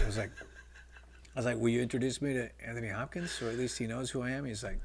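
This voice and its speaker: A man's voice: lowish voice, fairly even intonation, fairly quick, creaky, sharp tone. A middle-aged filmmaker, a man, telling stories casually in an interview, with many fillers and quoted dialogue. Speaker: guest filmmaker.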